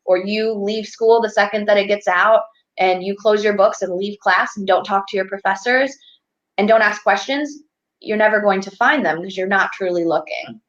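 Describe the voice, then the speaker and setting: A woman's voice: medium pitch, moderate pace, a bit bright. Woman coach type talking earnest and upbeat, kinda muffled lo-fi call audio. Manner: earnest, candid, motivational. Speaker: guest, financial advocate and certified life coach. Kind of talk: casual interview conversation. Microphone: video call. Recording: dull lo-fi video call audio.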